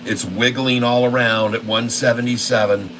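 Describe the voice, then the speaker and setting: A man hosting a trading channel, commentating live on his trades in a folksy, excitable way and constantly talking to his viewers. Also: medium pitch, normal speed, a little hiss or hum, poor audio. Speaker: stock trading channel host.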